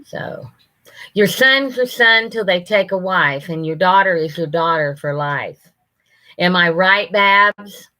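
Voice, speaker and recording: A woman's voice: fairly low pitch, takes it slowly, bright, forceful tone, poor audio. A woman, hosting a livestream and chatting folksily with viewers by name. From Ohio, USA. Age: 60s. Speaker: livestream host. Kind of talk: casual chat reading viewer comments.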